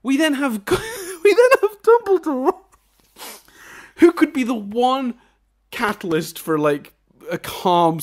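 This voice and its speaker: A man co-hosting a podcast, ranting and swearing in a casual film review chat and laughing often as he talks. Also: high-pitched. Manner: animated, swearing ranter; laughs often mid-sentence. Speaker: podcast co-host.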